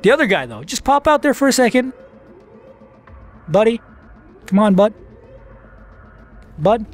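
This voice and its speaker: Man, casual let's-play commentator, fairly high, lively pitch, self-mocking, faint music behind. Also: a little slow, long pauses. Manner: joking, self-mocking, talks to enemies on screen.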